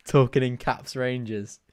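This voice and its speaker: Chatty, excitable male football fan host. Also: mid-range voice. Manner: chatty and excitable, laughs often, thanks viewers mid-commentary. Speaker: fan host of a live football watch-along. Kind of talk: casual live match commentary and chat.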